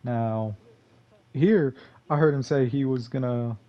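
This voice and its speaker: A man's voice: mid-range voice, takes it slowly, dull audio. A young man from Texas commentating on his own gameplay in a rambling, loose way, full of fillers and curses. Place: home gaming room.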